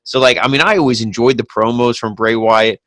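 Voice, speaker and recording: A man's voice: medium pitch, steady tone, a little fast, fairly bright tone, no room sound. A man co-hosting a wrestling podcast in casual chat, blunt and laid-back with casual swearing.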